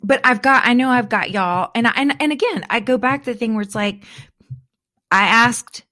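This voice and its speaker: A woman hosting a podcast, telling stories in a rambling, animated way and acting out what people said. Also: fairly high pitch, normal speed. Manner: rambling, animated storyteller who acts out quotes. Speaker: podcast host. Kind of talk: casual chat.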